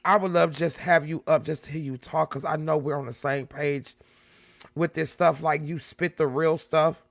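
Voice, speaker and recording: A woman hosting a live reaction stream, talking casually and breaking into loud, excited exclamations. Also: deep voice, normal speed, gravelly.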